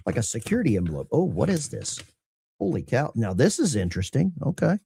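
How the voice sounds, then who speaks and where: Salty middle-aged vet guy reading fan mail on a stream, pitch bouncing all over, dry close sound. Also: big pitch swings, moderate pace, vocal fry, warm tone, breathy edge, dry recording. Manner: salty, blunt, self-mocking. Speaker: veteran channel host reading viewer mail. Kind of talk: casual livestream chat.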